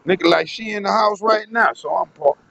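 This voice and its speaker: A man's voice: sits high, a little fast, vocal fry, pushed and bright, dull audio, a little hiss or hum. A man telling a rambling, profane story in a casual vlog monologue, often turning to speak to his audience. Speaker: vlogger.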